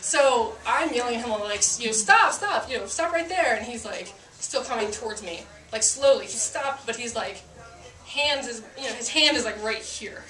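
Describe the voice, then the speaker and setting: A woman's voice: on the high side, normal speed, reverberant, recorded from a distance, crowd noise. A woman who is a police officer telling a story to a live audience, chatty and self-mocking with lots of fillers.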